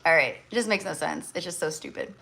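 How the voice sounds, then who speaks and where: A woman's voice: on the low side, creaky, sharp tone, rough recording. A woman tarot reader in casual livestream chat, blunt and chatty, full of fillers.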